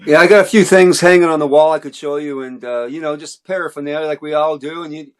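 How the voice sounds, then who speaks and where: A man's voice: fairly high pitch, fast talker, smooth. A middle-aged man from Cape Breton, Canada, a musician guest telling stories in a rambling, self-interrupting way in a casual interview.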